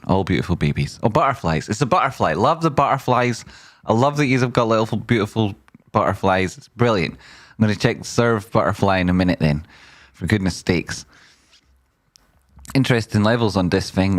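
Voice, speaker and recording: Male stream host, low-pitched, rambling and jokey chart talk, dry close sound. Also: no room sound. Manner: rambling and jokey, repeats "right?". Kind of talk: casual chart commentary.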